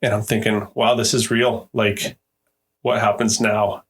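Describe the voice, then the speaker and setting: A man's voice: fairly low pitch, level tone, a little slow, fairly bright tone, slightly rough. A middle-aged man, a podcast guest, telling stories in casual talk and often repeating his words. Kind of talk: casual storytelling.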